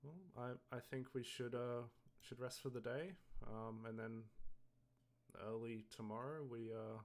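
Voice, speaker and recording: A man playing a tabletop game, talking slowly and hesitantly with many fillers. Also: medium pitch, steady tone. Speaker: player.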